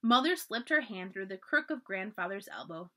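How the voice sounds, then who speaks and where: Woman, storybook read-aloud, expressive, bright tone, lively swooping pitch. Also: moderate pace. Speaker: librarian reading aloud. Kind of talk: children's book read-aloud.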